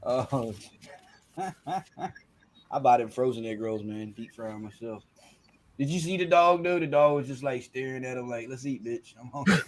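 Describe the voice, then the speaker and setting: A man in a casual chat, animated and joking, swearing freely. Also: mid-range voice, a little slow, pauses often.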